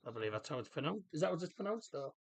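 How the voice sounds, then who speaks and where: A man hosting a casual live football watchalong, chatting in a rambling, jokey way and reacting loudly to the game. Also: on the high side, big pitch swings, very fast, gravelly, slightly rough. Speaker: livestream host. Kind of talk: casual match watchalong chat.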